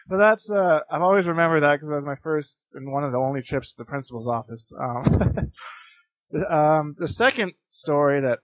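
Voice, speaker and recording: A late-teen competitive gamer appears as a guest in a casual interview, telling rambling stories full of fillers and restarts and laughing often between phrases. His voice is a little high at a normal speed, on a dry recording.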